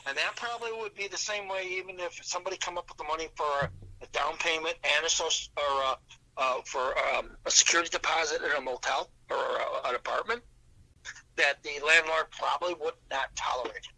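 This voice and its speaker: A man's voice: on the high side, fairly quick, sharp tone, poor audio. A man on a call, explaining at length in a rambling way. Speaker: family caregiver. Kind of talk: phone conversation.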